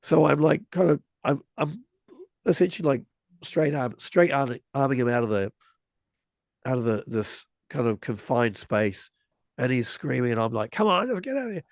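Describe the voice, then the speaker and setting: A man's voice: medium pitch, steady tone, moderate pace, gravelly, a little mellow, dry recording. A man in his forties telling a story in casual conversation, rambling with many restarts and vivid retelling. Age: 40s.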